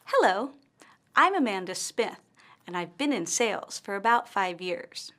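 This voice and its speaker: Confident woman job seeker with crisp stress and pauses, read by a woman teacher. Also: medium pitch, sharp tone. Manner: clear, deliberately stressed model delivery.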